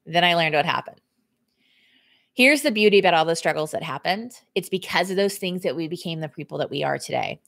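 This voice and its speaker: Her lowish voice is gravelly, a bit bright, animated and brisk. As a fitness coach livestreaming casually from home, she talks candidly with viewers, reads their comments out and thanks them, laughing often while her voice swings up and down.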